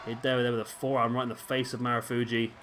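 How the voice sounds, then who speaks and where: A man's voice: medium pitch, monotone, fast talker. Male game commentator, everyday mid-range voice, chatty and musing, faint hiss behind. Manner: rambling, self-questioning, chatty. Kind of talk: casual play-by-play commentary.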